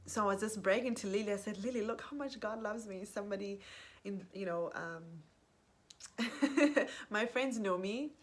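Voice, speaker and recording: A woman giving an effusive faith testimony to camera. She often restarts her sentences, reads scripture aloud more softly, and closes with blessings over her listeners. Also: mid-range voice, normal speed. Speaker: Christian speaker sharing her testimony.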